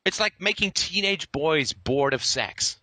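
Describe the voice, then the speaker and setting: A man rants in a bright, cutting voice that swings widely in pitch. He is sarcastic, profane and theatrical throughout. The recording is dry and close. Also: expressive, measured pace, no room sound. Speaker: podcast host. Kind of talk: impassioned ranting monologue.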